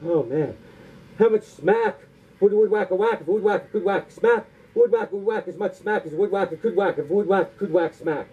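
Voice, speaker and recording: A stand-up comic with a high-pitched, darkish, slightly rough voice races through long tongue twisters and silly punchlines until he's out of breath. It sounds tinny, like it came through a phone.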